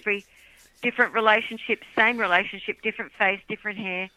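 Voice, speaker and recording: A woman's voice: medium pitch, fast talker, no echo, rough recording. A middle-aged woman chatting casually as a guest, telling stories animatedly and laughing often. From Australia. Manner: animated storyteller, laughs often, acts out quotes. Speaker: guest, children's songwriter. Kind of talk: casual podcast chat.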